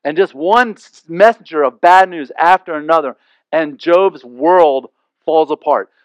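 A man's voice: a little high, unhurried, no echo, lo-fi sound. A man preaching a sermon in a conversational way, full of asides and rhetorical questions. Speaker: pastor.

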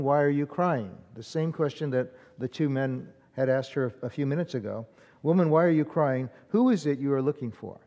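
A pastor preaching an Easter sermon in a conversational way, with frequent fillers. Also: male voice, mid-range voice, dark tone, in a large hall. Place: church sanctuary.

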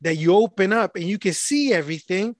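A man's voice: sits high, a little fast, dry recording, studio quality. A man telling a profane story in casual chat, acting out the people he quotes. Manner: animated, acts out the people he quotes.

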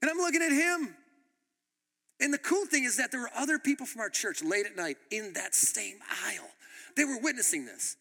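A man preaching a sermon as a pastor, an animated storyteller who laughs as he tells his stories. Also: high-pitched, brisk, gravelly, breathy edge, long reverb tail.

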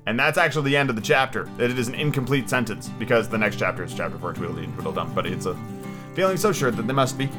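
A man's voice: medium pitch, expressive, quick pace, over music. A man hosting a podcast, reading a storybook aloud with chatty, easygoing asides. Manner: chatty, self-correcting, easygoing. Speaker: podcast host and audiobook reader. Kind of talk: casual read-aloud with asides.

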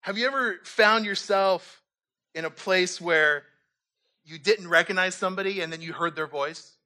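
A male pastor preaching a lively sermon, acting out little scenes and jokes as he reads scripture. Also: high voice, moderate pace. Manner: animated, acts out voices and jokes.

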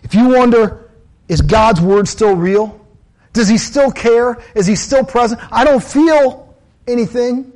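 A man's voice: very high voice, unhurried, darkish tone. A man preaching a sermon in an earnest, conversational way, telling personal stories and repeating phrases for emphasis. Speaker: pastor.

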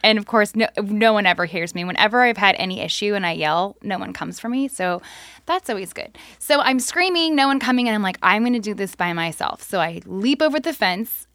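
Podcast co-host, woman, casual self-deprecating storyteller, mid pitch, dry. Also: expressive, fairly quick, a bit bright, dry recording. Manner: self-deprecating, laughing through stories.

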